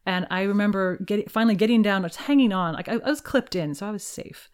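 A woman guest in a casual interview, telling a lively story about her time as a ship volunteer and laughing as she goes. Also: mid-range voice, fast, clear, resonant tone. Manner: animated storyteller, laughs easily.

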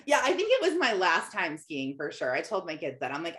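A woman's voice: on the low side, huge pitch swings, brisk, hardly any pauses, fairly bright tone. A woman in her thirties giving casual, encouraging faith-based coaching, chatting to viewers by name and laughing often. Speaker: Christian mentor hosting a live session.

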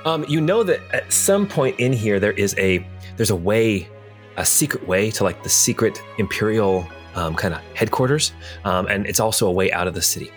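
A man's voice: on the low side, expressive, normal speed, faint music behind. A man narrating a tabletop game as game master in a rambling way, with many fillers.

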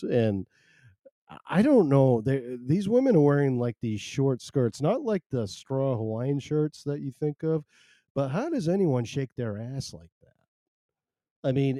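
Dark-voiced man rambling on a stream. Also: mid-range voice, no echo. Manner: rambling, wry, self-deprecating. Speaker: live stream host. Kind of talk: casual solo live-stream chat.

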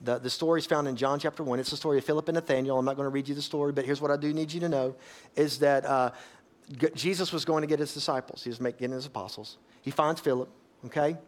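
A pastor preaching a sermon, emphatic and folksy, rising to loud exhortation and dropping to quiet asides. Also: male voice, mid-range voice, fairly even intonation, quick pace.

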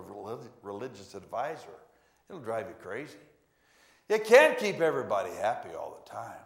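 A male pastor delivering a sermon in a church, preaching emphatically with sudden loud swells. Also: mid-range voice. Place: church sanctuary. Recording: echoey church room.

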